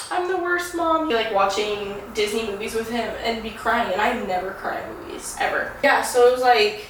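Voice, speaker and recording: A woman's voice: on the high side, fairly bright tone, slight background noise. Chatty young woman, roomy distant sound. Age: 20s. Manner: candid, rambling with frequent "like" fillers. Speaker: vlogger. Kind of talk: casual chat while getting ready.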